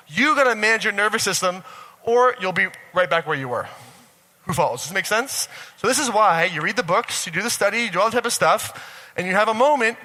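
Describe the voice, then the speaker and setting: A man giving an animated, profane motivational talk to a live audience, often checking whether the crowd follows him. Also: sits high. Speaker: speaker at a personal growth expo. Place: large event hall. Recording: reverberant live hall sound.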